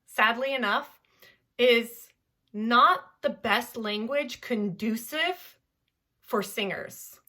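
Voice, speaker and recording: Bright, lively woman voice teacher from Southern California. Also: fairly high pitch, slow pace. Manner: animated, playful, demonstrates with gibberish singing sounds. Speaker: voice teacher, guest. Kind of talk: podcast interview, explaining.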